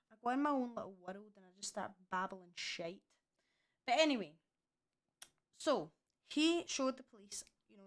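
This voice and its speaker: A woman's voice: medium pitch, a bit bright. A young woman casually chatting through a true crime case, indignant and swearing freely. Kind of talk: casual chat.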